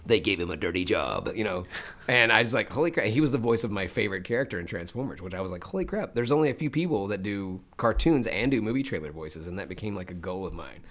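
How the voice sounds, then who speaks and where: Brief: very low-voiced man from Memphis, lively storyteller, guest voice actor in a relaxed chat. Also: quick pace. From Memphis, Tennessee. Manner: animated storyteller who slips into voices. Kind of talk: casual interview chat.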